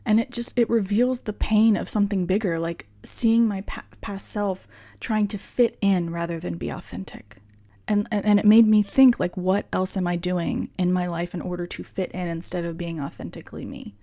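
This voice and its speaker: A woman in her thirties hosting a podcast, talking through personal reflections in an earnest, halting way with lots of restarts and fillers. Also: lowish voice, steady tone, mellow. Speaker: podcast host.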